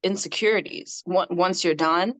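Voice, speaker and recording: A woman guest on a podcast interview, an independent artist telling her story in an animated way with frequent laughter. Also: fairly low pitch, moderate pace.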